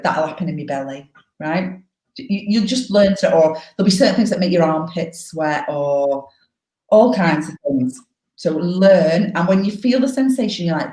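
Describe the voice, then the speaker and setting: Frank life coach woman, echoey room. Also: fairly low pitch. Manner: frank, animated, swears freely. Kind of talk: live coaching Q&A.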